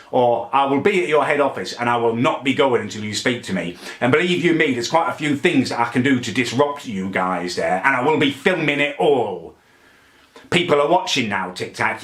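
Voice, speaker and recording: A man's voice: mid-range voice, fairly bright tone. A man delivering an indignant, pompous comedy rant to camera. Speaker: comedy vlogger ranting in character. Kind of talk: angry rant monologue. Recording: echoey room.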